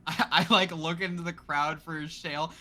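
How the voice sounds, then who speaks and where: A man's voice: a little high, fairly even intonation, moderate pace, pushed and bright, faint music behind. A man playing a tabletop game, chatting casually and often stammering. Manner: hesitant, stammering, giggly. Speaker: player.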